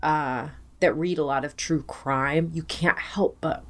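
Low-voiced woman co-hosting a chatty podcast. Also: a little slow. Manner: chatty, animated storytelling. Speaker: podcast co-host. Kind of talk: casual chat.

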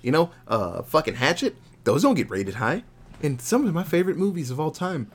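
Young male podcast co-host, casual and profane, animated film chat. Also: on the high side, fairly quick, slightly rough.

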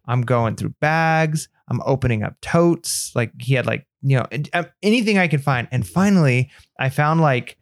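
A podcast co-host tells a story with energy in casual conversation, acting out the quoted dialogue in the voices of the people involved. His middle-pitched voice moves at normal speed with hardly any pauses. The sound is dry and close, without room echo.

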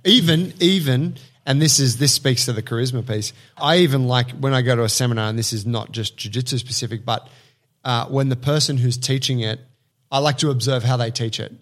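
A man hosting a relaxed podcast conversation. His voice is medium-pitched, and he is chatty and animated, slipping into quoted voices and swearing casually. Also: brisk. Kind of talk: casual chat.

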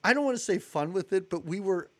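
Fast and fairly bright, this man's high voice has lively intonation. As co-host of a podcast he keeps things chatty, laughing often while running through upcoming episodes.

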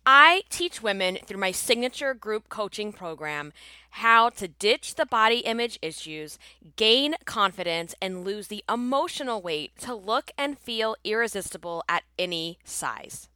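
A congested woman hosts her own casual podcast, chatty and upbeat. Her voice is bright and crisp despite the stuffiness. The recording is dry, with no room sound. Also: medium pitch, expressive, unhurried, dry recording. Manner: chatty, upbeat, laughs often. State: congested from allergies. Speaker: podcast host and coach.

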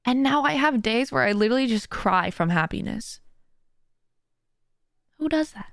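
A podcast host and streamer with a fairly high, fairly bright, expressive voice talks at a moderate pace. Her casual motivational monologue is heartfelt, full of earnest faith-driven encouragement, in studio quality with no room sound.

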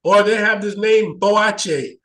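A man with a notably high speaking voice walks through his explanations patiently. He spells words out letter by letter as he goes. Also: normal speed, a bit bright. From southern United States. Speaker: guest, identity coach and author. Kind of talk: interview conversation.

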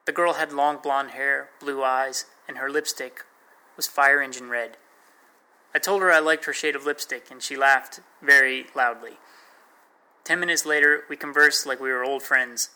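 A man's voice: medium pitch, steady tone, moderate pace, pushed and bright, clear, resonant tone, low-quality recording. A man narrating a first-person memoir in a plain, wry storytelling manner.

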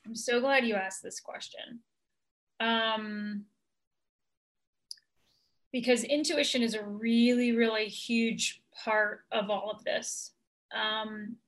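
A woman coach answering an interview question in a gentle, measured, earnest way, with many ums. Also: mid-range voice.

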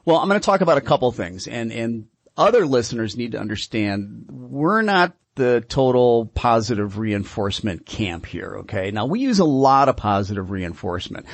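A male radio host giving dog-training advice in a direct, coaching way, often checking in with "okay?". His voice is gravelly and husky. The sound is dry and close. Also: mid-range voice, very animated, normal speed, few pauses, no room sound.

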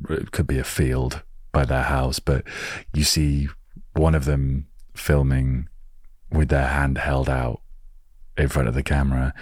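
Very deep slow-talking man, husky. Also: darkish tone, no room sound. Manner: meandering, self-correcting, dry humor. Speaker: podcast host. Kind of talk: slow rambling sleep podcast monologue. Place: lives in a van.

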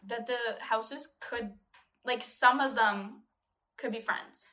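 Bright laughing woman guest, echoey room. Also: fairly high pitch, takes it slowly. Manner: laughs often, trails off, lots of "like". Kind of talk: casual chat.

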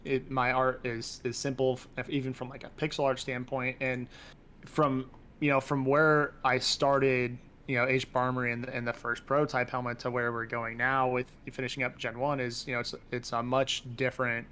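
A man's voice: mid-range voice, flat delivery, moderate pace, sharp tone, a little hiss or hum. A man in his thirties chatting as a podcast guest, rambling with many fillers and restarts. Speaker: guest pixel artist. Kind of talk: casual podcast chat.

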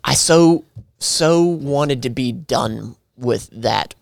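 A man hosting a podcast, telling a story in a rambling, animated way with restarts. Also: mid-range voice, very slow, gravelly, no room sound, studio quality. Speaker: podcast host. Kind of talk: casual chat.

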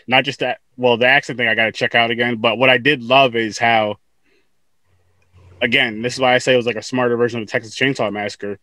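A man's voice: mid-range voice, pushed and bright, dry recording. A man hosting a podcast, chatting casually with guests, laughing often and repeating words as he talks. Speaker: podcast host. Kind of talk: casual interview chat.

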